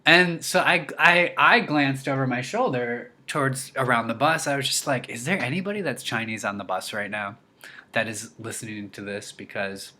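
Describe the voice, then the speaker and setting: Bright-voiced man telling a story. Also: moderate pace. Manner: animated storyteller, many restarts, jumps high when quoting himself. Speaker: vlogger. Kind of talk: casual storytelling to camera.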